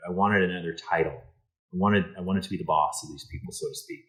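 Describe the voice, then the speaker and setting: A man from Canada, a guest in an interview, telling a story with lively acted-out dialogue and many restarts. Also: deep voice, fast, rough recording. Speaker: interview guest, insurance executive.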